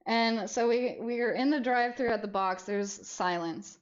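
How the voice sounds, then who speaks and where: A young adult woman streamer telling a story in casual chat, animated and often laughing as she goes. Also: on the high side, normal speed, dull audio. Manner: animated, laughs through the story, frequent restarts.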